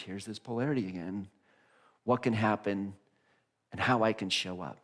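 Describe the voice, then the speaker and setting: Man giving a chatty, animated sermon. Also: on the low side, normal speed. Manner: conversational, animated, laughs often, restarts phrases. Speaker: minister. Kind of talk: casual sermon. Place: church sanctuary.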